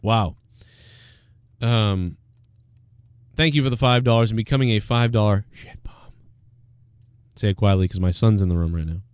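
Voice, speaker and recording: A man's voice: fairly low pitch, moderate pace, pauses often, clean tone, no echo. A man hosting a casual live Q&A stream, rambling and thinking aloud with lots of fillers. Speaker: livestream show host.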